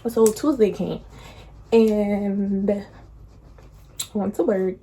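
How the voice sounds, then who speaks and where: A young woman tells a breakup story in casual slang, laughing often and acting out quotes in a higher voice. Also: fairly even intonation, extremely slow, warm tone, a little hiss or hum. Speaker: vlogger.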